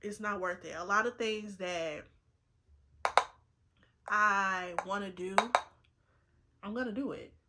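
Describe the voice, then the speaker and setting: A woman in her twenties, a vlogger, talks earnestly to the camera during a casual get-ready-with-me chat, repeating herself for emphasis and holding back tears. Her voice is medium in pitch and slow, with long pauses. The recording is very noisy.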